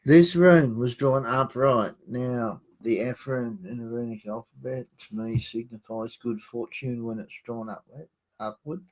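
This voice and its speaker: A man's voice: medium pitch, a little slow, darkish tone, low-quality recording. A man co-hosting a live online reading show, interpreting runes with hesitant fillers and a dry, self-mocking humour. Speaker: co-host and rune reader.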